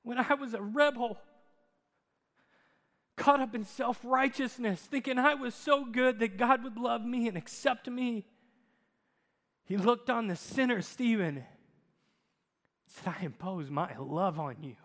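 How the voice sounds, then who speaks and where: A man preaching a sermon as pastor, telling stories with dramatic swings in loudness. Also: extremely high pitch, a little slow, pauses often. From United States. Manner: animated storytelling, dramatic shifts in loudness. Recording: long hall reverb.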